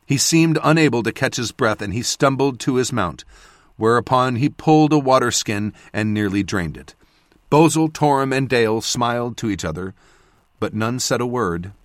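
A man narrating a fantasy audiobook in the first person with expressive storytelling. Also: mid-range voice, normal speed, no room sound, clean studio sound.

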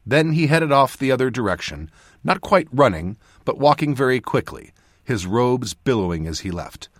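A man's voice: normal speed, dry recording. This is a male narrator telling a fantasy story in a scripted reading style. His voice rises and falls a great deal as he moves between characters. The recording is dry and close, with no room sound. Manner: voices characters with lively shifts in pitch and loudness. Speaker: audiobook narrator.

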